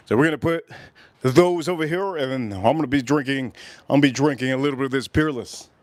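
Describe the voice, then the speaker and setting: A man chatting on a livestream, excitable and rambling as he talks to his viewers. His voice sits a little high, and the sound is close and dry. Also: no room sound. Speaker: livestream whiskey reviewer. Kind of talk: casual livestream chat.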